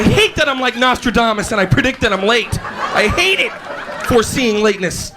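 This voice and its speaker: A male stand-up comic with a bright, high voice tells stories at full tilt and breaks into shouts as he acts out scenes. A live audience roars with laughter throughout. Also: moderate pace, noisy background. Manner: animated, hyper, bursts into shouting while acting out scenes. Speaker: stand-up comedian. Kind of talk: stand-up comedy. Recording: live show with crowd laughter.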